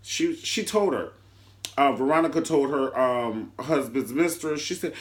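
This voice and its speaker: A man reviewing a TV drama in a casual vlog, sassy and flamboyant, leaping up and down in pitch for emphasis. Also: lively intonation, measured pace. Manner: leaps between high and low pitch for emphasis. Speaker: TV show reviewer.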